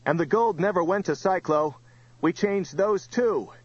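A man voicing a desperate young man, shouting in urgent, strained bursts. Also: high-pitched, a little slow, husky, dry recording, muffled recording, pitched above the performer's own voice.

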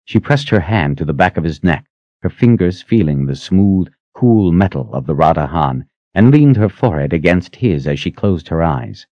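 A man reading a fantasy audiobook aloud in an expressive, dramatic way. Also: deep voice, moderate pace, no echo. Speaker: audiobook narrator. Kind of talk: scripted fantasy narration. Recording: dry, slightly muffled audio.

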